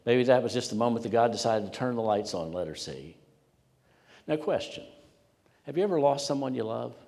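A man's voice: mid-range voice, expressive, fairly quick, a little mellow. A man preaching a sermon to a congregation, in an emphatic storytelling way that repeats words for weight. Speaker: pastor. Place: church sanctuary with congregation. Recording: long church hall reverb.

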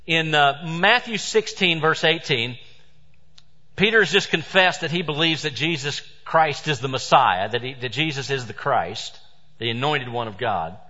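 A man's voice: fairly high pitch, animated, moderate pace. Emphatic male preacher in a reverberant hall. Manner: emphatic preaching, swings between loud stresses and hushed asides. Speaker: pastor. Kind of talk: sermon. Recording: dull sound with long hall reverb.

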